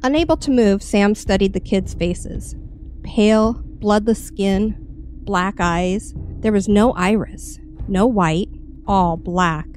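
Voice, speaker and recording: A woman's voice: mid-range voice, slight background noise. Woman reading a horror tale. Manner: measured, expressive storytelling. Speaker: story reader. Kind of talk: dramatic horror story reading.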